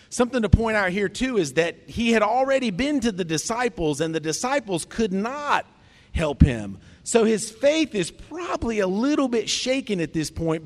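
Male pastor, conversational sermon, animated delivery, reverberant hall. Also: a little high. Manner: conversational, acts out quoted lines with feeling.

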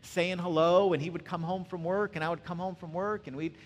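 A male pastor giving a conversational sermon, often checking in with the listeners with a quick "right?". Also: high-pitched, fairly even intonation, in a large hall. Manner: conversational, frequent "right?" asides.

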